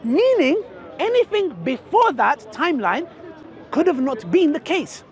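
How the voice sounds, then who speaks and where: A man's voice: extremely high pitch, very animated, a little slow. A man debating in an outdoor park, mocking and emphatic, talking to the crowd. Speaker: street debater. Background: crowd chatter.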